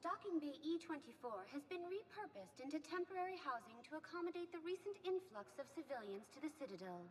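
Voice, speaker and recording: Game casting: a polite formal station guide, high lively voice, long hall reverb. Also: female voice, fast, few pauses. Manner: polite, formal announcement delivery. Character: calm female station information voice. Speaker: Citadel docking bay guide.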